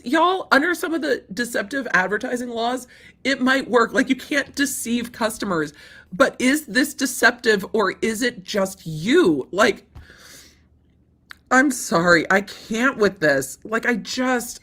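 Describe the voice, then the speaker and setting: Woman, host, casual legal commentary, bright forceful voice, incredulous, animated. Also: on the high side, unhurried. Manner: incredulous, animated, repeats herself; swears casually.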